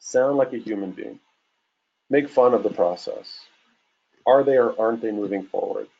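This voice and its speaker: A man in his forties giving a casual webinar talk as a real estate coach, acting out phone calls in a lively way. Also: lowish voice, moderate pace, creaky, breathy edge, dull audio. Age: 40s. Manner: casual, animated, acts out calls.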